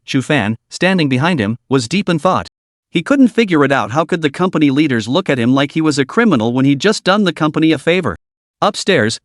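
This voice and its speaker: A male narrator with a fairly high voice that swings widely in pitch, reading a scripted story recap with dramatic flair. The sound is close and dry, with no room around it. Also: dry recording.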